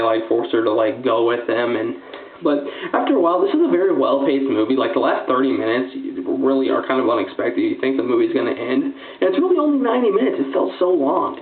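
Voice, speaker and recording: A man giving a casual, rambling movie review, full of "like" and "um". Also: mid-range voice. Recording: tinny lo-fi sound in an echoey room.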